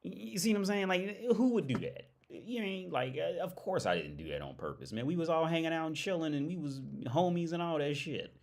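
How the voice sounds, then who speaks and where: A man's voice: fairly high pitch, expressive, brisk, creaky, few pauses, darkish tone. A man hosting a livestream, telling a story in a loose, rambling way, laughing often, swearing and filling his talk with "like" and "right?". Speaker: livestream host.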